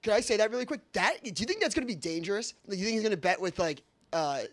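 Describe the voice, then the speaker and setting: A man in a casual sports betting chat who rambles and hesitates as he speaks. His voice sits a little high and is recorded dry and close, with no room sound. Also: expressive, rapid-fire, a bit bright, no echo.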